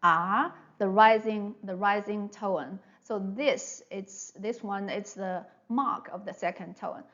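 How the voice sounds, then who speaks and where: A woman's voice: mid-range voice, fairly even intonation, slow, few pauses, muffled recording. A woman teaching a Mandarin pronunciation lesson, patient and repetitive, often checking in with "all right?" and drawing out sounds to demonstrate them. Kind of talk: slow online pronunciation lesson.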